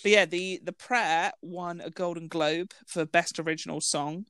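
Woman, giggly film chat, quick asides, dry close mic. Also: fairly low pitch, steady tone, fairly bright tone, clean tone, no echo. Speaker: podcast co-host. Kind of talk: casual film review chat.

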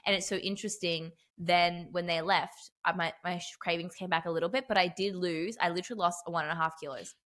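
A woman's voice: fairly low pitch, fairly even intonation, quick pace, few pauses, fairly bright tone. A young woman co-hosting a podcast, talking emphatically and bluntly, with casual swearing. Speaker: podcast co-host. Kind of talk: casual chat.

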